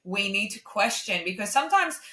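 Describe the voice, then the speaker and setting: A woman's voice: mid-range voice, a little fast. Chatty woman in an echoey room. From Australia. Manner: chatty, animated, acts out quoted voices. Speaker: podcast guest, singer-songwriter. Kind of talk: casual chat. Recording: roomy echo.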